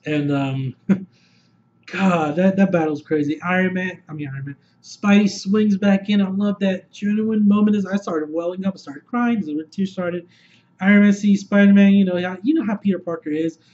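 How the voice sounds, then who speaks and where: A man giving an excitable, rambling, unscripted review full of swearing, recorded on a dull lo-fi setup. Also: high voice, moderate pace. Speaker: movie reviewer.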